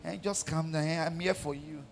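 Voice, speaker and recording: A man voicing a flirtatious woman who soothes and coaxes a man in a soft, cooing way. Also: fairly high pitch, moderate pace, a little hiss or hum, natural voice. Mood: soothing.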